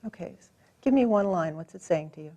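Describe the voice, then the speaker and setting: A woman practitioner gently coaching a client through a tapping session, encouraging and calm. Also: lowish voice, a little fast.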